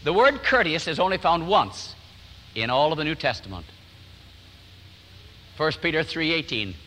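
A man's voice: on the high side, sing-song, a little slow, long pauses, in a large hall, a little hiss or hum, poor audio. An older man preaching a sermon in a church sanctuary, telling stories and acting out what people said. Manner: warm storytelling, acts out quotes, chuckles often. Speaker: pastor.

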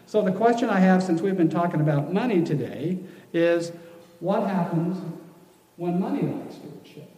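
A man's voice: sits high, expressive, moderate pace, mellow. A man giving a folksy, rambling teaching talk to a room, full of restarts. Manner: casual, rambling, many restarts. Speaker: church class speaker. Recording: echoey hall from far off.

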